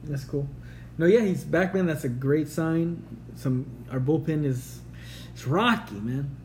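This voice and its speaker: A man with a slightly high voice and a slightly slow pace co-hosts a casual sports chat. He's laid-back and swears often, tacking "man" and "dude" onto his lines, over poor audio with slight background noise.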